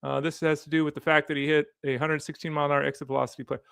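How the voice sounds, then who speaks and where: Chatty man with a gravelly voice. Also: a little high, little pitch movement, very fast, a bit bright, no echo, studio quality. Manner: rambling, chatty, easily sidetracked. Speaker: sports podcast host. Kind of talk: casual chat while opening card packs.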